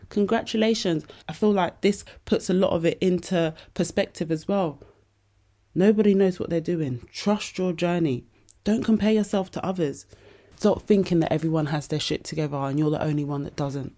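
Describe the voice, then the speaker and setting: Hosting a podcast, this woman talks at an ordinary speed in a lowish, dark-toned voice. Her advice is candid and casual, full of swearing, and she addresses listeners as "babes."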